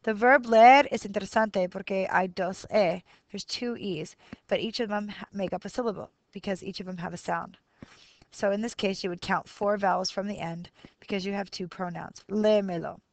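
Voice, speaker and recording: Woman teacher, 30s, mid-pitched, patient explainer, dry close recording. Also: steady tone, normal speed, dry recording. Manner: switches between Spanish and English explanations, counting syllables aloud; patient, explanatory, thinks aloud with fillers. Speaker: Spanish teacher. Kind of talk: classroom video lesson.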